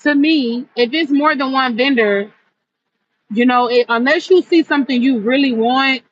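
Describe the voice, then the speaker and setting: The audio is dull as a high-voiced woman speaks at a moderate pace, livestreaming from a cold outdoor stall where she sells gift baskets. In a casual, chatty way, she recounts an argument with a customer through quoted back-and-forth.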